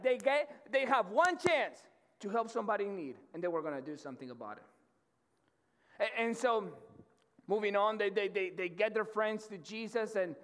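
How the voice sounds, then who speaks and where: A man's voice: high-pitched, fairly bright tone. A man preaching a casual sermon to college students, talking in a loose, slangy way with lots of restarts and a habit of asking "right?" to the crowd. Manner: conversational and slangy, with many restarts and repeated "right?". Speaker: pastor. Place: church auditorium. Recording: long reverb of a large hall.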